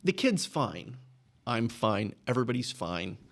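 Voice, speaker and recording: With big pitch swings, vocal fry and a measured pace, this medium-pitched man from Texas shares anecdotes as a podcast guest. The business owner chuckles as he goes, casually asking "right?" again and again.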